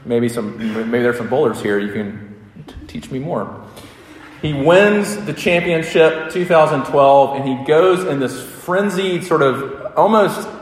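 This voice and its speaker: A man's voice: a little high, lively intonation, unhurried, slight background noise. Earnest preaching man in an echoing hall. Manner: earnest, conversational preaching with repetitions. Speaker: pastor. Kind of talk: sermon with opening prayer.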